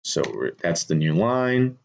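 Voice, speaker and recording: A man's voice: sits low, sing-song, unhurried, vocal fry, a little hiss or hum. A man explaining how he revises a screenplay in a casual, thinking-aloud way, with frequent restarts and fillers. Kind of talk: casual instructional talk.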